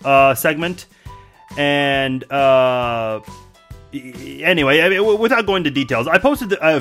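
A man's voice: a little high, fairly bright tone. A man from Iran hosting a podcast, casually and wryly reacting to mean comments, with frequent filler words. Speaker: podcast host.

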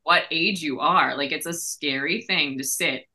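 A woman's voice: deep voice, a little slow, bright, forceful tone. A woman hosting a faith podcast, chatting animatedly, often adding "like" and "right?", with playful leaps in her voice. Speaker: podcast host. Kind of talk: conversational interview hosting.

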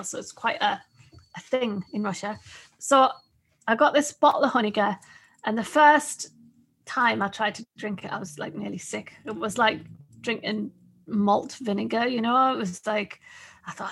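Female podcast co-host, 50s, husky and slightly high, chatty storyteller. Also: moderate pace, a bit bright. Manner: chatty storyteller, laughs often. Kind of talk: casual podcast chat.

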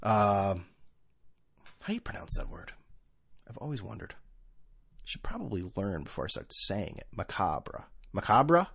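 A man hosting his own podcast at home on a desk microphone, ranting casually with profanity and sarcasm, swinging between low mutters and loud outbursts. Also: very animated, moderate pace, gravelly, pauses often, breathy edge. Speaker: podcast host. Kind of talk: casual solo podcast rant. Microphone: desk microphone with camera.

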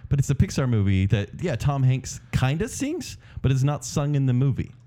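Wisecracking co-host, a man with a warm, mellow voice. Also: medium pitch, very animated, normal speed. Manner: teasing, jokey, mock-outraged. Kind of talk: casual podcast chat.

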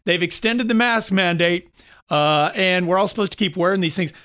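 A man in his fifties hosting a talk show, chatting casually and telling animated stories with mocking impressions of others. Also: high-pitched, moderate pace, clean tone. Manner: animated storyteller, mimics others with mocking voices. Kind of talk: casual opinion chat.

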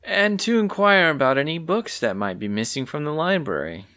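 A man voicing a sly, confident young female bird student who talks coyly and calmly. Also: a little high, moderate pace, clean tone, pitched above the performer's own voice. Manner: coy and calm.

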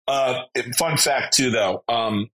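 A man co-hosting a casual podcast chat over a remote call, an animated, blunt storyteller who swears freely. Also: medium pitch, slow pace, rough recording. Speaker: podcast co-host.

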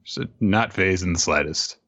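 A man co-hosting a podcast, recapping a show casually and in an animated way. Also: low-pitched, moderate pace, husky, no room sound. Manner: animated storyteller, laughs easily. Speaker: podcast co-host. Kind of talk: casual recap of an anime episode.

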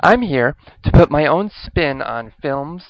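Segment presenter, man, higher voice, formal script, dry muffled recording. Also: expressive, measured pace, dry recording. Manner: formal, announcer-like delivery. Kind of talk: scripted review intro.

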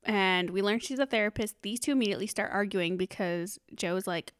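A woman's voice: medium pitch, fairly quick, clean tone, no room sound, studio quality. A young woman co-hosting a casual movie recap, playful and laughing often as she narrates the plot. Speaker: podcast co-host.

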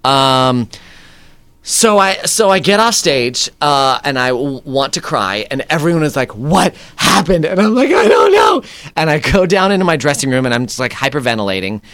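A man shares a stage story in an interview, animated and theatrical as he plays out each exchange. His voice is smooth and resonant, middle in pitch, recorded close with no room sound. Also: normal speed, dry recording. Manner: lively anecdotes with acted-out quotes and laughs. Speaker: actor guest.

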